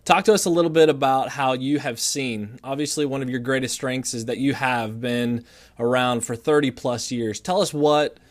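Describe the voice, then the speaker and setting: A man's voice: mid-range voice, moderate pace. A man hosting an interview, asking questions and praising his guest with enthusiasm. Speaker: interview host.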